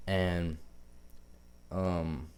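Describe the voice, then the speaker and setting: A young man with a very low, deep voice tells a story straight to camera. He rambles loosely, swears often and leans on filler words, in a relaxed vlog manner. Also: drawn-out words, background noise. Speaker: vlogger.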